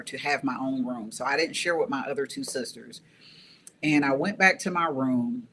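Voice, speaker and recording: A woman's voice: very deep voice, a little hiss or hum. A woman guest telling a personal story in a casual, earnest way, often repeating phrases for emphasis. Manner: conversational, with frequent fillers.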